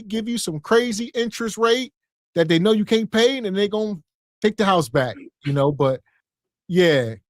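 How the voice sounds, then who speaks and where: A man's voice: high voice, no echo, studio quality. A man co-hosting a podcast in casual, laid-back commentary. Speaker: podcast co-host.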